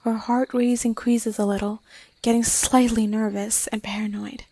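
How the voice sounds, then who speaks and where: A woman narrating a scripted horror story, often dropping to a hushed, slow, whispery delivery. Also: fairly high pitch, level tone. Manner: hushed, slowing to whispery dread.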